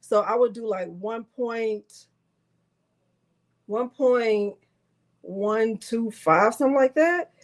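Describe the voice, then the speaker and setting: A woman's voice: a little high, slow, pauses often. Chatty woman crafting host. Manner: chatty, rambling, many fillers and restarts. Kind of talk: live craft tutorial.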